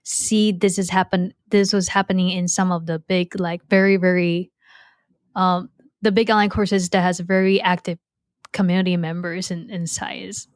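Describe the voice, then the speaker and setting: A woman's voice: on the low side, flat delivery, normal speed, no room sound. Woman, podcast host, dry close sound, eager, hesitant phrasing, many fillers. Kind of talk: casual interview chat.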